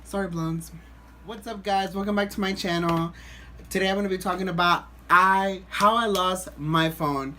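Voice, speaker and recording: A man vlogging, telling a story to the camera in a rambling, animated way with lots of restarts. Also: high voice, moderate pace, slight background noise.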